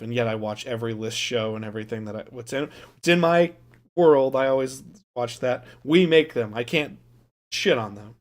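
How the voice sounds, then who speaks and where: A man from Wisconsin co-hosting a movie podcast in casual chat, animated, swearing and laughing at his own jokes. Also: medium pitch, normal speed. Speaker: podcast co-host.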